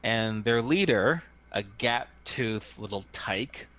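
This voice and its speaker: A man running a tabletop game as game master. His voice is bright and lively, with a lot of up and down. He talks in a chatty way and often restarts his sentences. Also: on the low side, takes it slowly. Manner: chatty, many fillers and restarts.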